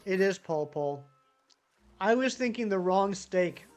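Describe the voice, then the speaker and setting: Streamer voice, mid pitch, casual rambling chat with viewers, faint music underneath. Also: animated, moderate pace, darkish tone. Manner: rambling, chatty, reads and answers chat. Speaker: live-streaming gamer.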